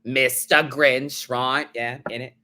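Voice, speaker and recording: A man putting on a goofy, exaggerated mock British accent to play a cheeky singing bloke, drawn out slowly in a sing-song way. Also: mid-range voice, steady tone, pushed and bright, voice pushed down.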